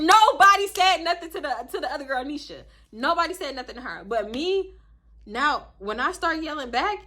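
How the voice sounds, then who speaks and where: A young woman from Houston, Texas, telling a casual storytime vlog in slangy, animated talk, often voicing other people in quotes. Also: high-pitched, quick pace. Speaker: storytime vlogger.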